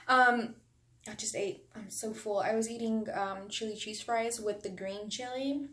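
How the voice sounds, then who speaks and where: A woman's voice: fairly high pitch, fairly even intonation, normal speed. A woman vlogger chatting casually and gushing over items in a haul video, recorded on a camera mic at home. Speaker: beauty vlogger. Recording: echoey room, faint noise.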